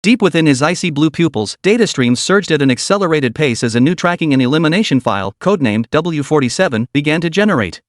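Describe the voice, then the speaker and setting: A man narrating a story in a steady, dramatic storytelling manner. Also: on the high side, fast, few pauses, dry recording, studio quality.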